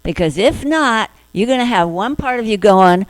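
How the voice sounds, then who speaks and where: A woman minister giving a spiritual talk to her congregation, gentle, acting out inner voices in little quoted asides. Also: medium pitch, animated, normal speed, no echo, poor audio.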